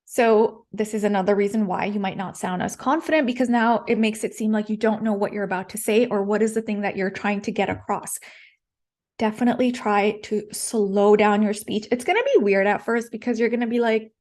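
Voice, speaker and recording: A woman's voice: mid-range voice, fairly even intonation, a little fast, darkish tone. A woman coaching public speaking in a live-streamed lesson, direct and encouraging, repeating her key points.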